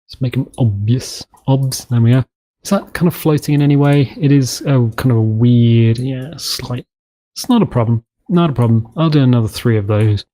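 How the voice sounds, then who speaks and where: A gameplay commentator with a dark-toned, medium-pitched voice speaks at a moderate pace. While he builds in a map editor, his relaxed let's-play narration rambles with self-mockery and the odd silly voice.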